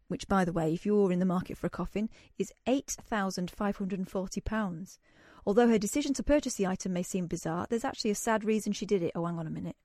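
A woman hosting a radio phone-in, chatty and self-deprecating, with quick asides as she reads out stories. Her voice is recorded close and dry in the studio. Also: medium pitch, warm tone, no room sound. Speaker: radio show host. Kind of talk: casual radio chat. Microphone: studio microphone.

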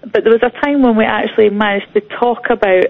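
Woman, Scottish accent, radio caller, chatty storyteller, gravelly, tinny phone line. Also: on the high side, steady tone, brisk, no echo. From Scotland. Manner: chatty, warm storyteller who laughs easily.

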